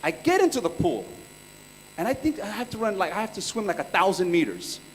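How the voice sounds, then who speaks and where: A man's voice: high voice, big pitch swings, brisk. A man in his thirties from California, giving a casual, chatty workshop talk full of slang and stories. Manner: laid-back, chatty storytelling with slang. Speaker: workshop speaker. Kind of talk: casual live presentation. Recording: reverberant hall.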